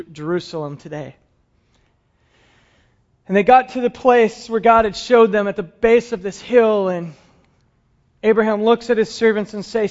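A male pastor preaching a sermon with dramatic storytelling, often dropping to hushed tones. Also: sits high. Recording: dull lo-fi sound.

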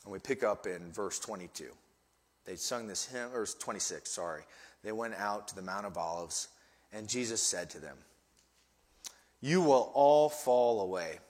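A man's voice: low-pitched, moderate pace, a bit bright. Emphatic preaching man in a reverberant hall. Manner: emphatic, stammering repeats. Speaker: pastor. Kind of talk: sermon.

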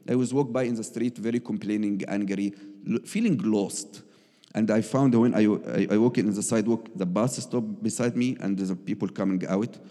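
A man's voice: fairly low pitch, dark tone, long reverb tail. A man, telling his personal testimony as a missionary in earnest, broken English with frequent restarts. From Egypt.

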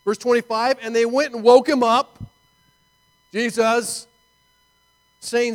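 High-voiced animated male preacher. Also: takes it slowly, long pauses, poor audio. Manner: animated, conversational preaching with rhetorical asides. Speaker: pastor. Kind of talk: sermon.

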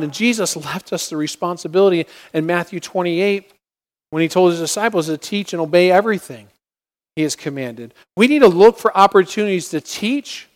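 A man's voice: high voice, long reverb tail. A man preaching a sermon, earnest, often acting out prayers and inner thoughts as he teaches. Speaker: pastor.

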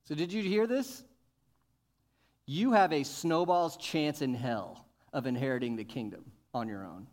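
A male pastor preaching a sermon, asking questions and building to emphatic, loud points. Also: medium pitch, unhurried. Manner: rises to emphatic, loud peaks, asks the congregation questions.

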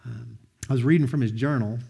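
A man sharing a personal testimony, earnest and heartfelt, often quoting others with lively bursts of emphasis. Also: medium pitch, fairly quick, vocal fry, slightly rough. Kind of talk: heartfelt storytelling talk.

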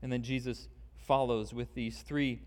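A man delivers a sermon in a church sanctuary, unhurried and deliberate, letting long pauses land for emphasis. His voice sits at an ordinary middle pitch. The sound carries a long hall reverb. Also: level tone, a little mellow, smooth. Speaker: pastor.

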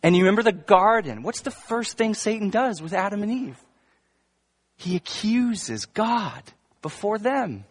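A man's voice: sits high, animated, measured pace. A male pastor preaching a sermon to his congregation in a conversational way, with humorous asides and emphatic bursts. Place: church before a congregation.

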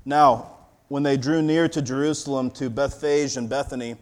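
A male pastor in his thirties reading scripture, then preaching in a relaxed storytelling way with a fatherly touch of humor. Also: medium pitch, normal speed. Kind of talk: sermon.

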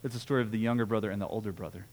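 A man's voice: lowish voice, steady tone, rapid-fire, a little mellow. Man, preacher, conversational sermon, repeats himself, long reverb in a church hall. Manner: conversational, repeats words, asks "right?".

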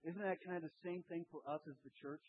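A middle-aged man preaching a sermon as pastor, lively and acting out voices of the people in his story. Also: on the high side, fast. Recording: tinny phone-like sound.

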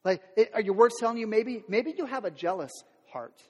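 A man's voice: high voice, lively intonation, brisk, a little mellow. A man preaching a sermon as pastor, speaking candidly and conversationally, with many fillers and restarts. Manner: acts out quoted voices of everyday people. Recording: long hall reverb.

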